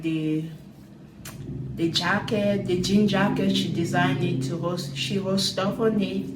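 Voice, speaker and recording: A woman recapping a dating show in casual chat, talking loosely with quick asides and loose grammar. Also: mid-range voice, reverberant, background noise. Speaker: reality TV recap vlogger.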